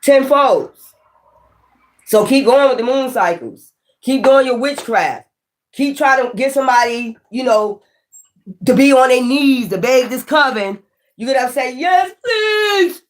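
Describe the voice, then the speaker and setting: A tarot reader with a high voice gives a casual spiritual reading, speaking a little slowly and pausing often. She talks straight to viewers in a blunt, emphatic, profane and preachy way.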